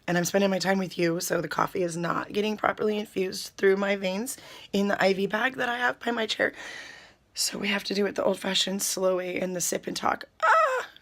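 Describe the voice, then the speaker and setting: A woman, chatting to her viewers in an animated, storytelling way while sipping coffee. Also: medium pitch, fairly quick. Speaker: spiritual vlogger. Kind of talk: casual spiritual talk to viewers.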